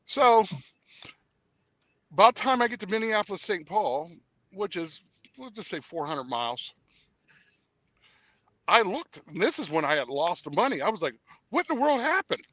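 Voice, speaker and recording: A man's voice: high-pitched, normal speed, pauses often, dry recording. A man as an interview guest in casual conversation, telling stories animatedly, acting out dialogue and hesitating with fillers. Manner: animated storyteller, acts out dialogue.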